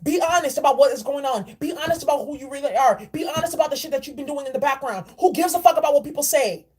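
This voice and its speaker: A woman's voice: high-pitched, quick pace, a little mellow. A woman giving a spiritual oracle card reading in a blunt, preachy and profane way. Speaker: spiritual reader.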